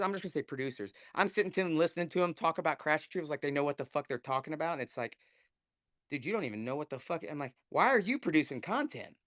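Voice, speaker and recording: A man's voice: fairly high pitch, fairly bright tone, dry recording. A man telling a heated, profanity-laced story in casual live audio chat over an online call. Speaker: guest speaker.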